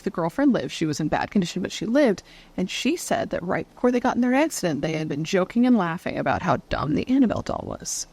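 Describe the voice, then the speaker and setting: This is a woman telling spooky true stories in a loose, conversational way. Her pitch moves around a lot as she talks. She swears easily and keeps turning to her audience with playful rhetorical questions. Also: darkish tone. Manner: chatty, swears casually, asks viewers rhetorical questions. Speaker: true crime YouTuber. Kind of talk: casual true-crime storytelling.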